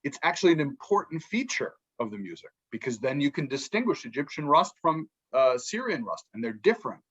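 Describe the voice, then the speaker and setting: A man, a podcast guest and book author, explaining music ideas in a lively way and acting out quotes from musicians. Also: on the high side, a little fast, husky, muffled recording. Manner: animated, acts out musicians' quotes, many restarts.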